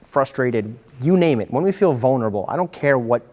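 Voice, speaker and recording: A man giving a lively workshop talk to parents, acting out kids and parents in quick voices. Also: mid-range voice. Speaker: workshop presenter. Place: meeting room. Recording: hall reverb from a community-TV taped talk.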